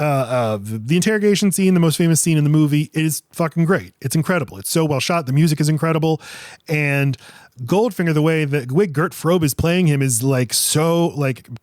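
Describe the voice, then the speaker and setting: A man co-hosting a podcast, retelling a film scene by scene in casual, animated chat. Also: on the high side, moderate pace, no echo, clean studio sound. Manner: animated retelling with swearing and voice impressions. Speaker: podcast co-host.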